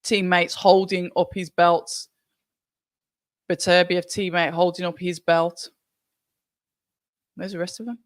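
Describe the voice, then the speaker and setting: A woman hosting a live fight watch-along stream, chatty and excitable, talking straight to her viewers. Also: on the low side, slow pace, pauses often, no echo. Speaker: livestream watch-along host.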